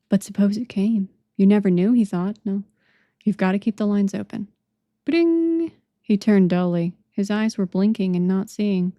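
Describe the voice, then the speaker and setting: A woman reading an audiobook as narrator, measured and dramatic. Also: medium pitch, mellow, no echo, studio quality.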